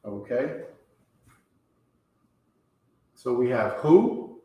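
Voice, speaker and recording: A man teaching a language class, pronouncing words slowly and checking in with "okay?" after nearly every phrase. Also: mid-range voice. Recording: very echoey room.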